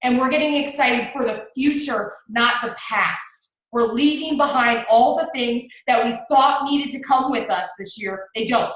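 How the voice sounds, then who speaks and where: A woman giving an energetic motivational talk as a guest on a video call, who laughs often and gets hyped. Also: fairly high pitch, a little slow, hardly any pauses, heavy reverb, rough recording. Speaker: guest speaker.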